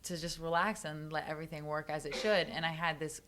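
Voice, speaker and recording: A woman, likely in her thirties, excitedly telling a personal story in a casual podcast chat, full of "like". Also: sits low, fairly quick, background noise. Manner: animated, excited storytelling with frequent "like". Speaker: guest.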